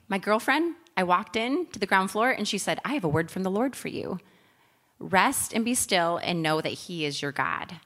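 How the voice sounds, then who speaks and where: A woman in her thirties tells a church testimony in a chatty, earnest way, her voice bright and clear. She talks at a middling pitch, moving easily between story and prayer. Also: lively intonation, normal speed. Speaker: women's ministry speaker.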